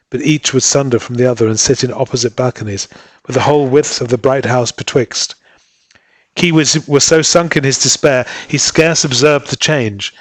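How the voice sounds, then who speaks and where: A man narrating a classic story in a measured, steady reading. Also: medium pitch, no echo.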